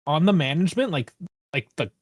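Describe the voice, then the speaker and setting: A man's voice: fairly high pitch, lively intonation, a little fast, husky, no echo. A blunt man co-hosts a sports podcast in casual chat. He asks pointed questions and argues his case in a medium voice. The sound is dry and close. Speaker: podcast co-host.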